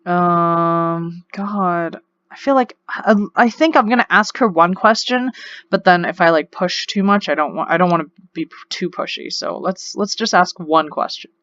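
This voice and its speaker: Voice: mid-range voice, vocal fry, a bit bright, lo-fi sound. A let's play host reading a dating game's text aloud, breaking off into rambling, chatty asides. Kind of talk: reading game text aloud with casual commentary.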